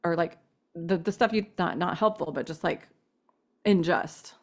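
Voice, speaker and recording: A podcast co-host with a lowish voice and moderate pace puts a question to the conversation. Her casual chat is candid and meandering, packed with "like," frequent restarts, and the occasional swear.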